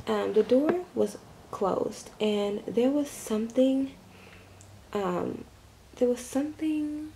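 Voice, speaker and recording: A young woman vlogger rambles through a story on her camera mic, full of fillers like "like" and the occasional curse. Her voice is a little high, gravelly and dark, and the rough recording carries some hiss or hum.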